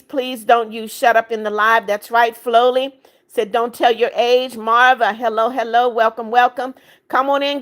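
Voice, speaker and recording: A woman in her seventies hosts a livestream, with a slightly high voice. She reads chat comments aloud in a chatty way and keeps pleading for likes and subscribers. She turns blunt when she scolds rude viewers. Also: a bit bright. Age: 70s. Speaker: livestream host. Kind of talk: reading live chat comments.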